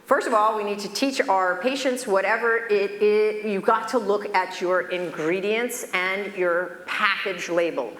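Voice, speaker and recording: A woman's voice: medium pitch, unhurried, hardly any pauses. Woman lecturing in an echoey hall. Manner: conversational lecturing with animated, expressive storytelling. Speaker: physician giving a conference keynote. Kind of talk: conference keynote lecture. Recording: echoey hall with long reverb, faint ambience.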